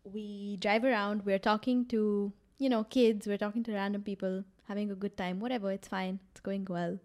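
A woman's voice: medium pitch, steady tone, moderate pace, a little mellow. A young woman co-hosting a casual chat, chiming in with details of a shared story in a laid-back way. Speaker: co-host.

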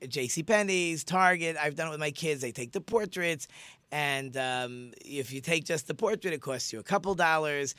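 A man's voice: on the high side, normal speed, sharp tone, no echo. A middle-aged man, a rabbi hosting a radio talk show, speaking in a chatty, conversational way with many fillers and restarts as he tells a story.

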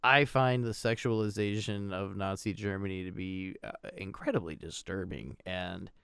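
A man's voice: sits low, moderate pace, creaky, clear, resonant tone, no echo, studio quality. A man co-hosting a casual film podcast, ranting and joking with plenty of profanity. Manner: animated, profane, joking rants. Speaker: podcast co-host.

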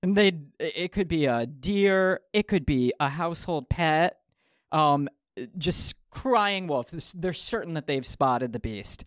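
A man's voice: fairly high pitch, animated, takes it slowly, no echo, clean studio sound. A man hosting a podcast, telling a story in a playful, joking way with lots of ums and asides. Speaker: podcast host.

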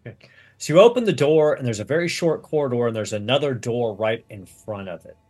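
A man narrates a tabletop game as game master, casual and full of restarts. His voice has a slightly husky grain. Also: mid-range voice, expressive, darkish tone. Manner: casual, halting, many restarts.

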